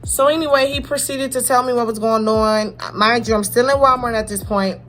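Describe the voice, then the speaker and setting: A woman's voice: on the high side, fairly even intonation, fairly bright tone, soft background music. Young woman telling a painful story. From Florida. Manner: halting and repetitive, heartfelt, casual slang. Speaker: vlogger. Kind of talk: personal storytelling to camera.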